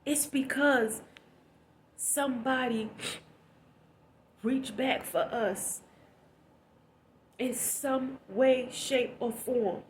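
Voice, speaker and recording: A woman's voice: a little high, slow pace, long pauses, a little hiss or hum. A woman vlogger, talking through tears in an emotional, preachy commentary, repeating herself for emphasis. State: tearful, sniffly.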